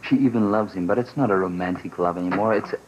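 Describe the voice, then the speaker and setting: An actor playing a patient, reasonable husband who calmly explains himself in a soap opera scene. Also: male voice, sits low, quick pace, breathy edge, muffled recording. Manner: calm, explaining. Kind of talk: daytime soap opera acting.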